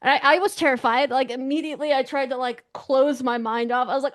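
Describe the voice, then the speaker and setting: Animated young woman telling a story. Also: high voice, quick pace, few pauses, no echo, studio quality. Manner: animated, excitable, acts out voices in quotes. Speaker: guest. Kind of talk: storytelling interview.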